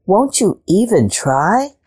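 A woman's voice: mid-range voice, big pitch swings, slow, darkish tone, husky, full character voice. Woman reading a firm old farmer father.

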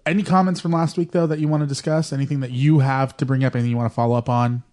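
A man's voice: medium pitch, little pitch movement, racing, a little mellow. A man co-hosting a podcast in casual chat, joking and telling rambling stories. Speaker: podcast co-host.

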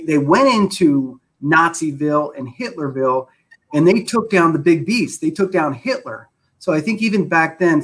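A man's voice: fairly high pitch, a bit bright, husky, rough recording. A man interviewing a priest, talking reflectively with frequent false starts. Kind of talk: interview conversation.

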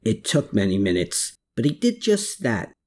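An audiobook narrator with a mid-range voice reads a novel chapter at a moderate pace. The scripted narration has a steady storytelling manner.

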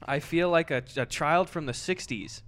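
A man's voice: on the high side, moderate pace, a bit bright. A man co-hosting a podcast from a living room, joking around and swearing in casual banter. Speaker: podcast co-host. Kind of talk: casual chat.

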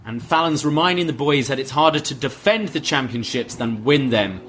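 Man, podcast co-host, casual wrestling recap, bright tone, slightly husky. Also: medium pitch, moderate pace. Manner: relaxed, dry, filler-heavy play-by-play.

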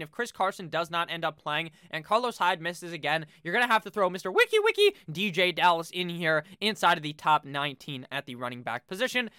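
A young man runs through his fantasy football rankings in a loose, joking way, swearing and drifting into asides. His voice is bright and forceful with a smooth, crisp finish. The recording is dry and close. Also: sits high, no room sound. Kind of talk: casual ranking commentary.

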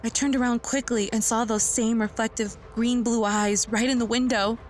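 A woman's voice: fairly high pitch, fairly even intonation, moderate pace, soft background music. A woman narrating a first-person horror story in a tense, earnest manner.

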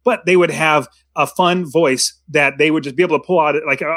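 A man's voice: a little high, brisk, hardly any pauses, fairly bright tone, no room sound. A man co-hosting a casual movie discussion, talking in a rambling way with many restarts. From United States. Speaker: podcast co-host.

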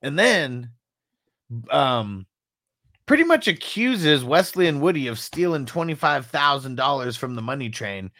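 A man's voice: mid-range voice, expressive, a little slow, pushed and bright, dry recording, clean studio sound. A man co-hosting a casual movie review, laughing often and mimicking punch sounds. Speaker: podcast co-host.

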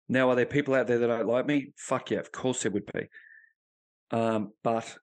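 A man's voice: medium pitch, fairly even intonation, brisk, darkish tone. A man, a former police officer now a podcast guest, telling a personal story bluntly with lots of swearing and acted-out dialogue. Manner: blunt and profane, acting out remembered dialogue.

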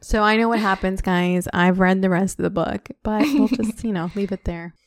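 A woman's voice: mid-range voice, moderate pace, dry recording, studio quality. A woman co-hosting a book podcast, chatting casually about her reading and travel. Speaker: podcast co-host. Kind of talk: casual chat.

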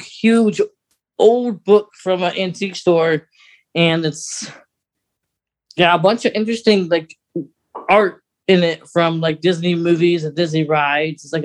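Chatty young man rambling along. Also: a little high. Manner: rambling, chatty, quick laughs. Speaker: podcast co-host. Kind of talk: casual chat.

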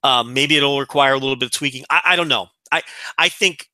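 A man's voice: medium pitch, brisk, pushed and bright, dry recording. A man co-hosting a podcast, giving opinionated analysis in casual talk with frequent restarts. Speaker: podcast co-host.

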